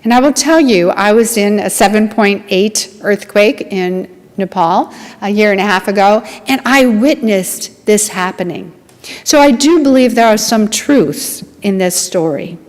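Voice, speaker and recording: A woman's voice: medium pitch, animated, measured pace, a little mellow. A woman giving a sermon to a congregation, telling a story in an earnest, dramatic way and acting out the dialogue. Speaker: lay speaker at a congregation. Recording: long hall reverb.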